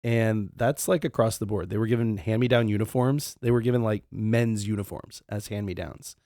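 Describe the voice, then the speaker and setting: Profane, animated male podcast host. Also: lowish voice, moderate pace, dry recording, studio quality. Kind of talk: casual history chat.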